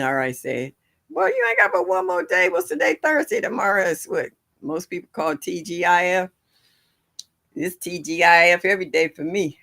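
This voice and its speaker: A woman's voice: sits low, animated, normal speed, fairly bright tone. An older woman hosting a gardening livestream from home, chatting and laughing with her viewers in a chatty, folksy way. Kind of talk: casual chat with live viewers. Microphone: livestream setup.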